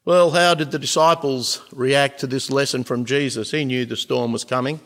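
Male pastor, mid-pitched, earnest sermon with weighty pauses and rising emphasis; long hall reverb. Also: fairly even intonation.

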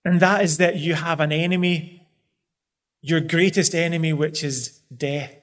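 A man's voice: fairly high pitch, steady tone, measured pace. A man preaching a sermon in an earnest, pleading way, pressing hard on key phrases.

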